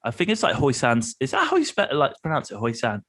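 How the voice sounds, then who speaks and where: A man's voice: mid-range voice, huge pitch swings, fast talker, fairly bright tone. A man from the United Kingdom, a guest on a casual podcast, telling stories chattily and acting out the dialogue. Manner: chatty storyteller, acts out dialogue, laughs a lot. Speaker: podcast guest, travel group leader.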